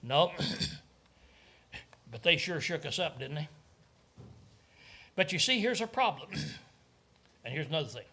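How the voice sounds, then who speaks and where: Slow, bright-voiced male preacher clearing his throat. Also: on the high side, sing-song. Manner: clears his throat often, asks rhetorical questions. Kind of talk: sermon.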